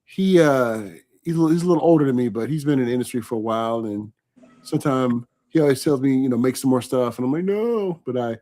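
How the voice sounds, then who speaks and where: A man from California hosting a live online interview, chatting warmly and reading out viewer comments as he goes. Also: mid-range voice, fast. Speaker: host.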